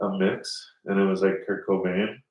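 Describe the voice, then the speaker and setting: A man's voice: low-pitched, level tone, moderate pace, a little mellow. A man telling a rambling story in casual podcast chat, swearing often and acting out the people he quotes. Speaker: podcast host. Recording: roomy, mic at a distance.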